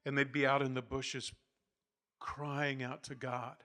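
Emphatic storytelling preacher, bright-toned man. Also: mid-range voice, flat delivery, unhurried. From United States. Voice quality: not soft-spoken. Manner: storytelling, builds to loud emphatic peaks, laughs between points. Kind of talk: sermon storytelling.

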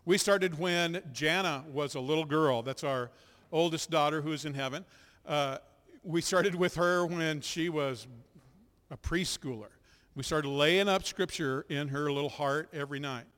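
A middle-aged man preaching as a pastor, leading his congregation in loud spoken confessions and scripture, with relaxed, chatty asides. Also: a little high, measured pace. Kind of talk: sermon. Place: church sanctuary. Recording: echoey hall with long reverb.

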